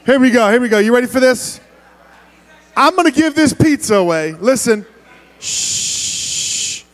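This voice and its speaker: A man preaching as a youth pastor, playfully wrangling a big room of students and often shouting. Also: extremely high pitch, lively intonation, brisk. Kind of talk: youth ministry sermon.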